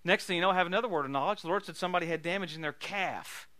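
A male preacher delivering a sermon full of healing stories, telling them with laughter and sudden loud bursts of emphasis. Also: sits high, rapid-fire.

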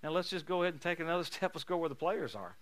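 A man preaching a sermon, telling stories in an animated, folksy way and laughing often. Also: fairly high pitch, rapid-fire, dry recording. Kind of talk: sermon with storytelling.

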